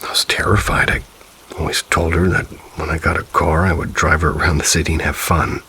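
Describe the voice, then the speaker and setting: A man reading submitted ghost stories aloud in calm, measured scripted narration. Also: a bass voice, a little hiss or hum, rough recording.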